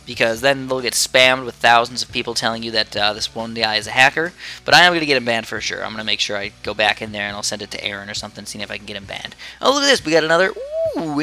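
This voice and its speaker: A man's voice: mid-range voice, sharp tone. A man chatting casually into a headset as he plays and comments on a tower defense game from his room, rambling and easily distracted. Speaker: gaming commentator.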